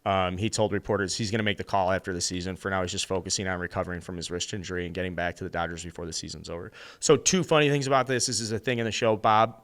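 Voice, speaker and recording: A man's voice: low voice, fairly even intonation, rapid-fire, hardly any pauses, a bit bright. A man in his thirties with an American accent, co-hosting a casual sports podcast and reading an ad in a loose, rambling way. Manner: loose and rambling, lots of fillers. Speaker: podcast co-host. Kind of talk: casual sports chat with host-read ad.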